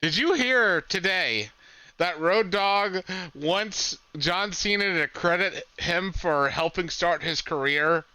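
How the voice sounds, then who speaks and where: Crisp, bright-toned male podcast co-host. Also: sits high, takes it slowly, dry recording. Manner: chatty storyteller, trails off and restarts. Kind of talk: casual podcast chat.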